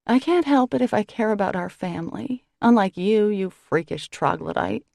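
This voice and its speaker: A woman's voice: medium pitch, expressive, moderate pace, vocal fry, a little mellow, no echo, studio quality, pitched above the performer's own voice. A woman voicing an earnest, emotional older sister who speaks in a careful, pleasant social-worker tone. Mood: indignant.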